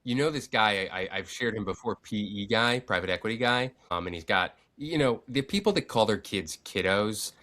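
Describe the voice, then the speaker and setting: A man's voice: lowish voice, lively intonation, moderate pace, hardly any pauses, pushed and bright. A man hosting a casual podcast chat, telling loose stories. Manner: loose storyteller, does funny voices. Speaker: podcast host.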